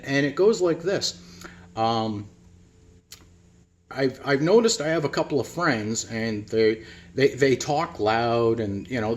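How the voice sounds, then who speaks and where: A middle-aged man giving a rambling casual monologue to his viewers, often calling them "people" and repeating his words. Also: on the low side. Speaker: vlogger.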